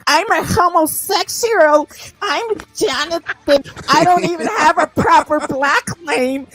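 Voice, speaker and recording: A woman doing a slow, mocking sing-song voice of an effeminate young man to taunt a rival in an online argument. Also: very high-pitched, fairly bright tone, heavily acted.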